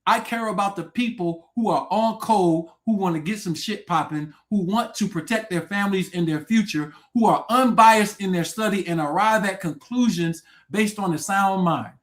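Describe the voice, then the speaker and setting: Speaking into a desk mic, a high-voiced male livestream host rants loudly, profanely and tauntingly at a moderate pace with few pauses. He swings between shouts and low mutters, daring viewers to come on and debate him.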